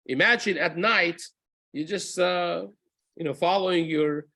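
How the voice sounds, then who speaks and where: A rabbi with a high, pushed, bright voice teaches a daily lesson on Jewish law, explaining casually and slightly slowly, often restarting and asking "right?" He sometimes breaks into chanting Hebrew verses. The recording is dry and of poor quality.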